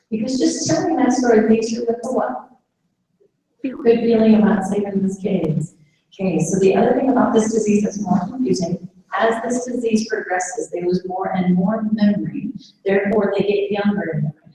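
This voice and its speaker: This dementia caregiver workshop speaker has a medium-pitched voice with a dark tone, and she draws listeners in by posing questions to them. Her live talk is captured in an echoey room with a distant mic and a little faint noise.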